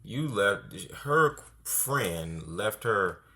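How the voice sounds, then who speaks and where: A man's voice: fairly low pitch, expressive, very slow, sharp tone. A man reacting to a clip, talking straight to viewers with wry asides. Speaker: reaction host. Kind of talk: reaction commentary.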